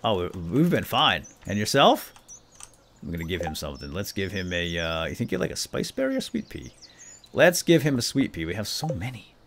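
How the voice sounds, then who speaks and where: A man's voice: deep voice, wildly swooping pitch, a little fast, fairly bright tone, a little hiss or hum. A man hosting a let's play, giving casual, jokey gameplay commentary and talking to the game characters.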